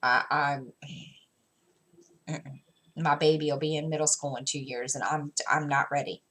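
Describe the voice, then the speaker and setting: A woman's voice: deep voice, steady tone, a little slow, fairly bright tone. A woman in her thirties, a mother casually telling a story at home, rambling with fillers and restarts and acting out what she and her son said. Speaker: crafting vlogger.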